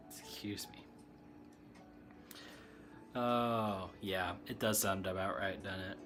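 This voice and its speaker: A man's voice: sits low, fairly even intonation, very slow, long pauses, music in the background. A man giving a casual, rambling tarot chat, answering comments and laughing often. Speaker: tarot reader and streamer. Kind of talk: casual spiritual chat, reading tarot cards.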